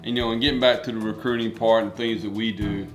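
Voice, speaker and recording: A man's voice: on the low side, steady tone, quick pace. A middle-aged man, a baseball coach co-hosting an interview, talking in a folksy, emphatic, rambling way. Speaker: baseball coach and podcast host. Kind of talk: casual interview chat. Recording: echoey room with loud music behind.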